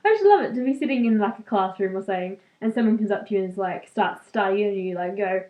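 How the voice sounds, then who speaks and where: A woman's voice: mid-range voice, expressive, fast, reverberant, phone-quality sound. A young woman, a student, casually reading a book aloud and breaking off for chatty, giggly asides full of fillers.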